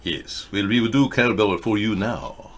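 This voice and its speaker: A man hosting a political talk show, ranting in a rambling monologue, lurching from loud high outbursts to low mutters. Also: a little slow. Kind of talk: rambling live-stream monologue.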